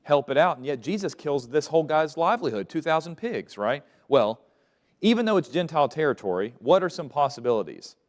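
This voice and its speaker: A man's voice: on the high side, big pitch swings, a little fast. A man teaching a Bible lesson to a class, asking questions and letting them fill in the answers. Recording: long reverb of a large room.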